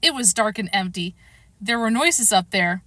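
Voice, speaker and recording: Bright-voiced woman reading a story aloud. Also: medium pitch, normal speed, no room sound. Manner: expressive read-aloud, acting out the characters' lines. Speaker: storybook reader. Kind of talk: scripted storybook narration.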